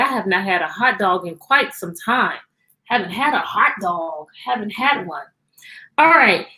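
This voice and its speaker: A woman's voice: fairly high pitch, a bit bright. A woman teacher hosting a live-streamed storytime from her computer at home, cheerfully greeting children by name.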